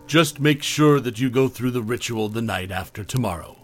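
A man's voice: medium pitch, animated, moderate pace, soft background music, close to an everyday voice. A man voicing a smarmy male creature posing as a businessman, patronizing and falsely upbeat.

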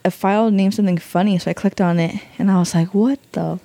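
A woman's voice: medium pitch, fairly even intonation, fast talker, dark tone, dry recording. A young woman co-hosting a podcast, chatting candidly with her husband and filling her talk with "like" and "you know". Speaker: podcast co-host. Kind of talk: candid couple chat.

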